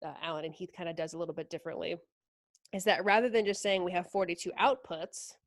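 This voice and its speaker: A woman's voice: fairly low pitch, steady tone, fast, no echo, studio quality. A woman talking casually as a product specialist, explaining mixing consoles with lots of fillers. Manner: chatty, lots of fillers and likes. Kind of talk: casual technical demo talk.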